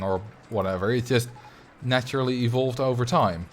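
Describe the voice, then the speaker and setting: A man with a light Dutch accent talks to his viewers in a relaxed livestream chat. He speaks in an animated, chatty way at a mid-range pitch, filling his pauses with "um" and "you know.". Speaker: streamer.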